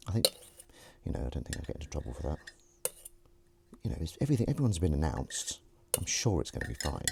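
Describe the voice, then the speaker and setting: A man hosting a casual live stream, rambling and self-mocking, chatting as he goes. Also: noisy background. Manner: rambling, self-mocking and chatty, slipping into a high sing-song voice to coax his cat. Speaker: host. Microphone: fixed streaming mic.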